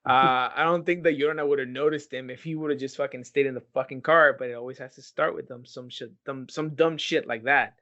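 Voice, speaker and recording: A man's voice: medium pitch, fairly quick, few pauses. Swearing storytelling man on lo-fi podcast. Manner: swears a lot, animated storytelling. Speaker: podcast host. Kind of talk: casual chat. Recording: dull lo-fi podcast audio.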